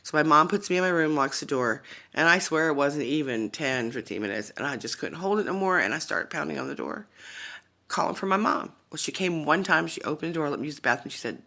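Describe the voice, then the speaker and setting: A woman speaking into her phone, telling a personal story in a halting, rambling way that keeps wandering off into asides. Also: deep voice, animated, bright, forceful tone. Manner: halting, rambling, often digressing. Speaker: vlogger sharing a personal testimony.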